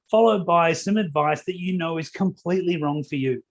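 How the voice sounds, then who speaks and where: A man speaks at a company conference in a slightly higher register. He tells stories informally, stopping on "uh" and "um" as he motivates the room. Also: fairly quick, vocal fry, hardly any pauses. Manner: conversational storytelling with fillers. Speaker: keynote speaker.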